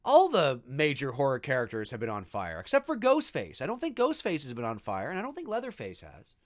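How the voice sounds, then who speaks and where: A man hosting a live movie commentary, talking in an animated, enthusiastic and rambling way. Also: medium pitch, brisk. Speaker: host.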